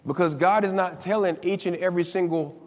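A male preacher delivers a sermon in a high, ringing voice. He drives his points home by repeating lines for emphasis. The sound carries the long reverb of a large hall. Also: brisk, darkish tone.

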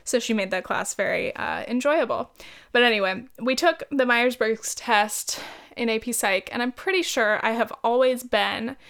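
A woman's voice: fairly high pitch, moderate pace, gravelly, a bit bright. A young woman hosting a casual solo podcast, chatting loosely with giggles, rambling asides and casual swearing. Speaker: podcast host. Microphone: podcast mic.

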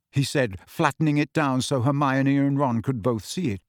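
A man giving steady, even storybook narration as an audiobook reader. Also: medium pitch, moderate pace, dry recording, clean studio sound.

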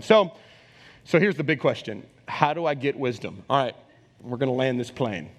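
High-voiced pastor preaching in a reverberant hall. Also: male voice, fairly quick. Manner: conversational, animated, acts out quoted voices. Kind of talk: sermon.

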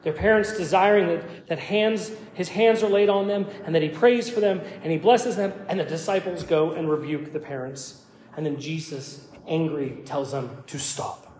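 A man's voice: on the high side, moderate pace, a little mellow, slight background noise. A man preaching a sermon as pastor, emphatic and given to repeating words as he starts phrases. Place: church sanctuary. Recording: echoey church hall.

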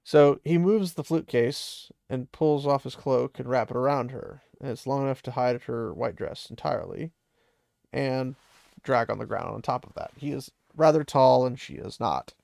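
Gravelly man casually retelling a story. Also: medium pitch, animated, normal speed, darkish tone, no room sound, studio quality. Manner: chatty, loose, with fillers and laughs.

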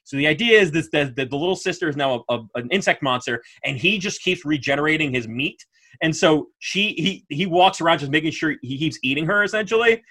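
A man co-hosting a podcast, chatting casually in an animated, rambling way and laughing often. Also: fairly high pitch, fast. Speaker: podcast co-host. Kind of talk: casual chat.

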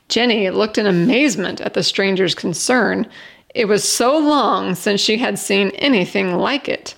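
A woman reading a short story aloud as storyteller, in a steady, expressive voice. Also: medium pitch, unhurried, creaky.

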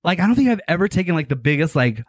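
A man telling a long story in casual chat, animated and full of filler words and swearing. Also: fairly high pitch, very fast, slightly rough, dry recording.

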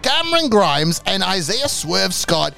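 Lively, gravelly man joking as co-host. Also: sits high, unhurried, faint music behind. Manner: joking, animated, swears freely. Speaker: co-host of a wrestling show. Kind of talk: casual chat.

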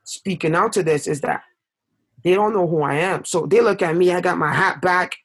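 Young male guest, gravelly and a bit high, impassioned storyteller, rises when upset. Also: normal speed, a bit bright. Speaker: podcast guest. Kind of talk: emotional storytelling in conversation.

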